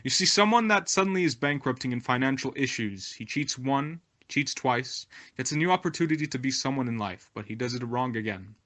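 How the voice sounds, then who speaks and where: Male voice, mid pitch, for a devotional talk; sincere, moralizing delivery. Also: animated, fairly quick, few pauses, sharp tone. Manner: earnest, exhorting, moralizing. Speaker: volunteer translator and narrator of a spiritual message. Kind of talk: devotional talk, read translation.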